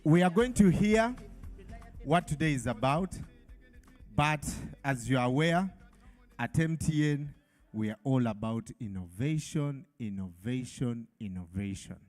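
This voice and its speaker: A man's voice: mid-range voice, lively intonation, a little slow, darkish tone, faint music behind. A man with a Ugandan accent moderating a live product launch in an event hall, hyping the crowd with call-and-response.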